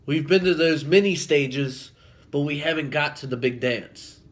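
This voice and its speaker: A man talks straight to camera in a casual vlog. His voice sits a touch high for a man, and he rambles, filling gaps with ums and restarting his sentences. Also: unhurried. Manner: rambling, full of ums and self-corrections. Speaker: vlogger.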